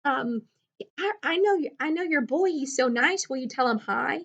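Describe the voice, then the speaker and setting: A sweet, chatty little girl, innocent and eager to be friendly, her voice lifted noticeably higher than an ordinary speaking voice, as a woman telling the story puts her on. She talks openly and naively. She chatters on without noticing any danger around her. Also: lively intonation, moderate pace, creaky, fairly bright tone, muffled recording, exaggerated voice.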